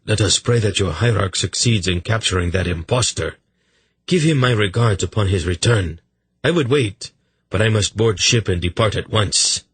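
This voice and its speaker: A man's voice: on the low side, moderate pace, slight background noise, natural voice. A man voicing a nervous, sly small king with a rat-like face, who talks hastily to placate and then asserts himself stiffly. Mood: haughty. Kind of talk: audiobook character voice.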